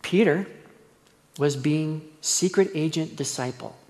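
A male pastor with a slightly high, somewhat mellow voice preaches slowly through a verse-by-verse sermon in a church hall, telling stories conversationally and acting out quoted voices. The recording has long church reverb.

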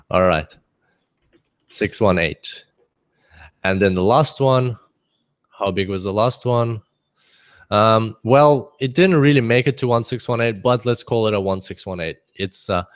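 Chatty man teaching a webinar. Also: on the low side. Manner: chatty, laughs often, thinks aloud with restarts. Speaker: forex trading instructor.

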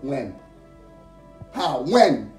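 A man's voice: medium pitch, big pitch swings, extremely slow, a little mellow. A man with a Nigerian accent acting in a comedy skit, incredulous and stammering. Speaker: skit actor. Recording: echoey room, from a distance, music behind.

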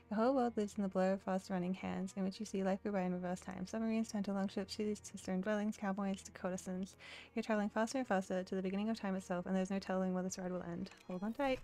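Gravelly woman reading a game aloud. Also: medium pitch, darkish tone. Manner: playful, reads game text and jokes along. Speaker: let's play host. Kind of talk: casual game playthrough with read-aloud narration.

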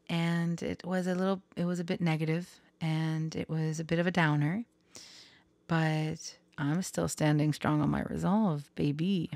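Her voice is low and creaky, her pace unhurried, and her intonation fairly even, with no room sound. She is a Florida tarot vlogger talking personally and candidly to camera, soft and hesitant in manner, confiding in viewers and often sinking into a whisper.

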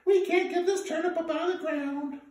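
A man doing a squeaky, chirpy young granddaughter. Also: steady tone, brisk, darkish tone. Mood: eager. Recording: echoey room, voice from a distance.

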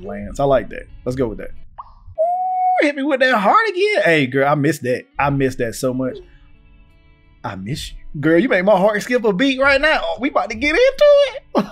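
A man hosting a gaming video, reading text messages aloud and reacting with hyped, slangy banter. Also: medium pitch. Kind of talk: playthrough commentary. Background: faint game music.

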